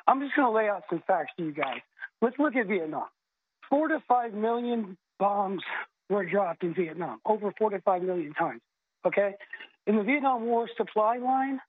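Male caller, tinny phone audio, high voice, fervent sermon-like rant. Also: slight background noise. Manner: urgent, preaching, swings from low and steady to shouting. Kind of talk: impassioned call-in rant.

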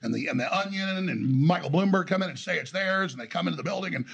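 Speaking fast with a creaky, fairly bright, breathy voice on the high side, this Texas-accented interview guest spins a long, rambling, emphatic tale and performs the dialogue he quotes. The recording sounds muffled.

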